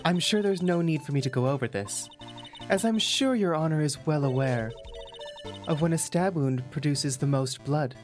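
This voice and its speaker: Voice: mid-range voice, a little mellow, faint music behind, lightly acted. Someone playing a cold, haughty young prosecutor woman. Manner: cold, condescending, measured.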